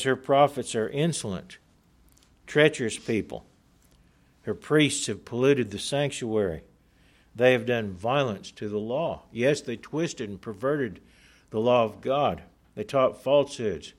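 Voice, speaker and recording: A man preaching a sermon in a middle-pitched voice. He reads scripture passages and explains them earnestly, leaning on key words and slowing down for emphasis. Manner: earnest, emphatic, slows for stress.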